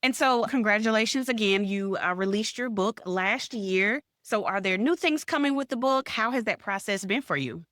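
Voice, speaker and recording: A woman hosting an interview podcast, affirming her guest warmly with repeated short praise. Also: medium pitch, normal speed, few pauses, no echo, studio quality. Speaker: podcast host.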